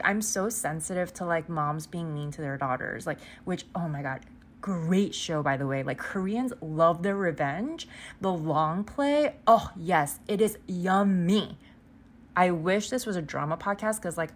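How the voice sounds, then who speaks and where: A woman hosting a podcast, casually recapping a book as she keeps rambling off topic, full of "like" and casual swearing. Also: fairly low pitch. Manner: rambling, sidetracked, heavy "like" filler. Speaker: podcast host.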